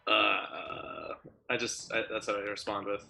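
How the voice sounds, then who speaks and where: A man's voice: fairly low pitch, level tone, measured pace, gravelly, noisy background. A man playing in a tabletop game over a video call, talking casually and hesitantly. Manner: hesitant, full of fillers and restarts.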